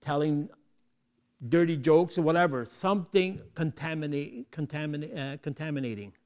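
A man preaching a sermon, moving between quiet asides and loud, emphatic peaks, often asking the congregation rhetorical questions. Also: a little high, moderate pace.

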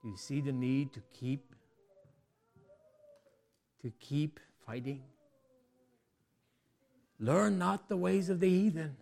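A man preaching a sermon, moving between quiet asides and loud, emphatic peaks, often asking the congregation rhetorical questions. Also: a little high, steady tone, slow pace, gravelly, long pauses.

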